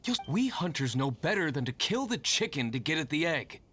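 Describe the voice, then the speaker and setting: A woman's voice: sits low, very animated, a little fast, a bit bright, a little hiss or hum. A woman voicing a firm, scolding female hunter who enforces the rules of the hunt. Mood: stern.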